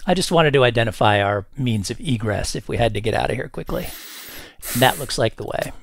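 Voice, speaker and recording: A man's voice: mid-range voice, animated, brisk, vocal fry, no room sound, studio quality. A man playing a tabletop game, talking through his options in a cautious, wry way. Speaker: player.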